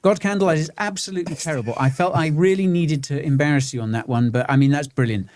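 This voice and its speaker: A man's voice: fairly high pitch, fast, a little mellow, no room sound. A man co-hosting a crypto show, bantering and reading viewer comments with a wry, rambling manner full of restarts. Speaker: co-host of a crypto market show.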